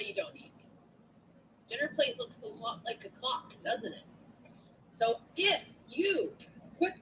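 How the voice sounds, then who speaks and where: A woman teacher with a big, loud voice talks through an online lesson into her computer. Her pitch sits a bit high and swings widely as she explains, checking in with "right?" again and again. A faint hiss lies under the recording. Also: rough recording. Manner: chatty, animated, asks "right?" often. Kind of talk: online lecture to students. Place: at home at a computer. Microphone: computer mic.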